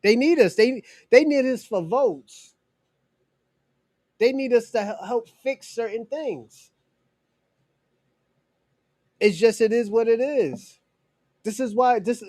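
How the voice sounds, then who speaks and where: A man's voice: high-pitched, dark tone, dry recording, clean studio sound. A man in his forties giving casual political commentary, emphatic and indignant, often repeating his phrases. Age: 40s. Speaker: commentary host.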